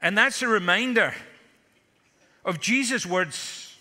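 A man's voice: high-pitched, unhurried, pushed and bright. A man preaching a conference sermon with humorous stories and punchy asides. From Scotland. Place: large conference hall. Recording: long hall reverb.

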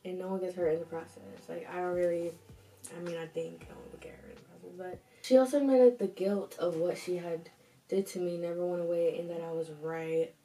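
Host, young woman: sassy, chatty storytime reader, low mellow voice, roomy echo, a bit off-mic. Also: steady tone, a little fast, distant mic, soft background music. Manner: sassy, chatty, reacts with slang asides. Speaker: host reading viewer stories. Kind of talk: casual storytime commentary.

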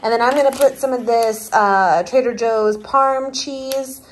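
A woman's voice: fairly high pitch, steady tone, measured pace, slight background noise. A woman vlogger chatting casually and giggling as she makes dinner and does a food taste test. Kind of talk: casual chat. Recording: echoey room, mic at a distance.

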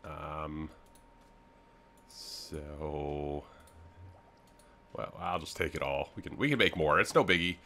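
A man's voice: rumbling low, takes it slowly, gravelly, pauses often, bright, forceful tone, a little hiss or hum. A young man, rambling easily through casual game commentary with lots of filler words. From Canada. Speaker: gaming video host.

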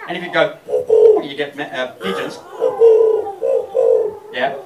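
A man's voice: sits high, very animated, slow, vocal fry, very noisy. A man chatting playfully with a live audience between songs, self-deprecating and casual. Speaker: singer-songwriter performing live. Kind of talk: casual stage banter with the audience. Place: live music venue. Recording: echoey live room from far off, music behind. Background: guitar.

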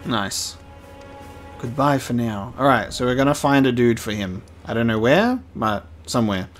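Soft music plays behind this man's medium-pitched voice as he speaks at a moderate pace. A gaming streamer trying a video game for the first time, he keeps up a playful let's-play commentary full of chatter and laughing asides.

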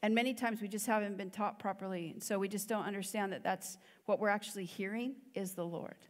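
A woman's voice: medium pitch, steady tone, fairly quick. A woman giving a sermon as a guest preacher, in an earnest, conversational way with many fillers. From United States. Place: church hall. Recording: long church hall reverb.

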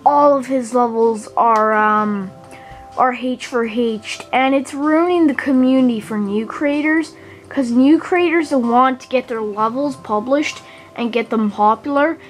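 With soft music in the background, a woman with a fairly high voice hosts a gaming channel and talks through her gameplay. She's earnest and halting, repeating words often as she complains.

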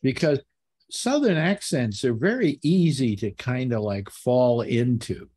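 A man hosting a casual group chat, teasing his guests and telling stories with lively energy. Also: mid-range voice, measured pace, husky. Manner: teasing, animated storyteller. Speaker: host.

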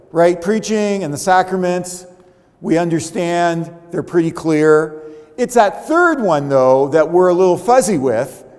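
A man preaching a sermon as pastor, in a conversational, animated way, acting out little everyday reactions as he goes. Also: sits high. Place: church sanctuary. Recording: long church reverb.

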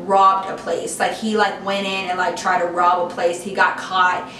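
A woman's voice: on the low side, level tone, normal speed, bright, forceful tone, slight background noise. A young woman vlogger telling a story in a casual, chatty way, filling her talk with "like.". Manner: chatty, heavy use of "like". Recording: echoey room from a distance.

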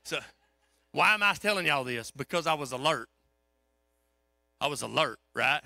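A man preaching a sermon, telling a story in a folksy, animated way. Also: a little high, moderate pace, vocal fry, no echo. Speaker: pastor.

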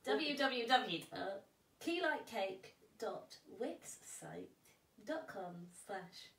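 A woman's voice: medium pitch, animated, drawn-out words, a bit bright. A woman, chatting as a film guest and laughing often. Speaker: guest filmmaker and actress. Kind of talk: casual chat. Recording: roomy distant mic with faint noise.

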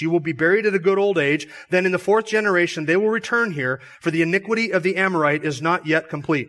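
A pastor with a high-sitting, sharp-toned voice preaches an expository sermon, explaining a passage step by step and posing rhetorical questions to his listeners. It sounds like church sermon audio.

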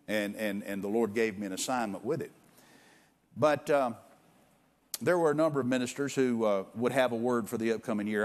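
A man preaching as a guest pastor in a church, talking casually, often restarting and repeating words, and reading scripture aloud with emphasis. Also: fairly low pitch. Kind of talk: sermon. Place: church sanctuary.

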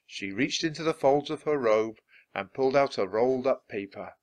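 A man's voice: medium pitch, normal speed. A man reading a children's book aloud, narrating expressively. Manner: expressive, lively. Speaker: storybook reader.

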